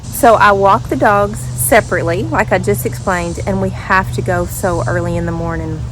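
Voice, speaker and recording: A woman's voice: mid-range voice, steady tone, normal speed, faint music behind, poor audio. Chatty woman outdoors. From Western Kentucky. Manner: chatty, talks to her dogs in a sing-song voice. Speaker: vlogger. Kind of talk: casual chat to camera. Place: outdoors at home.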